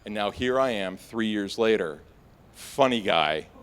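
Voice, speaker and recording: Brief: young man, lowish voice, live stage storyteller, chatty with lots of fillers, spikes high on panicked asides. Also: a little slow. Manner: animated, conversational, leans on "like", jumps to high pitch for panicked quotes.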